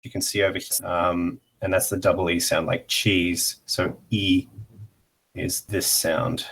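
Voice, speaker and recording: A man giving a casual online pronunciation lesson, explaining slowly with many pauses and fillers while sharing his screen. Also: sits low, flat delivery, creaky, a bit bright, breathy edge. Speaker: language teacher.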